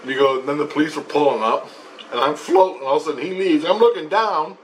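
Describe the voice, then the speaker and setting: A man's voice: on the high side, quick pace, recorded from a distance, a little hiss or hum, poor audio. A man telling a story about his spiritual experiences in a rambling, profane way. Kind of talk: casual storytelling monologue.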